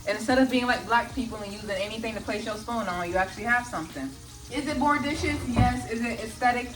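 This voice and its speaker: Filming a casual cooking vlog at home, a young woman talks herself through every step with chatty jokes and plenty of swearing, speaking quickly in a voice on the high side. Her phone sits on a charger away from the stove, so she is far from the mic and heavy background noise comes through.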